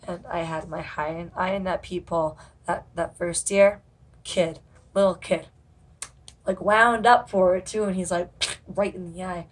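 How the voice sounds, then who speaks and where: A woman's voice: on the low side, flat delivery, moderate pace, darkish tone. A woman telling stories from her haunted house job as a casual vlog. She rambles with plenty of fillers and swears freely.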